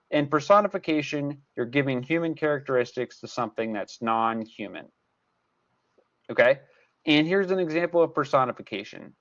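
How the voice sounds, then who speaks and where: Male tutor, animated and emphatic, repeats key points; muffled lo-fi class audio. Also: mid-range voice. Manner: repetitive, emphatic teacher explaining step by step. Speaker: math tutor. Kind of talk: recorded class lesson.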